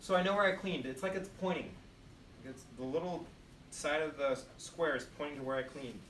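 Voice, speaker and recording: A man teaching a nursing class, his voice somewhat high for a man. He talks emphatically, repeating key phrases like a drill and firing questions at the students. He was recorded from a distance in an echoey room with faint background noise. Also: brisk, a crowd in the background. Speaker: nursing instructor. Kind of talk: classroom demonstration lecture.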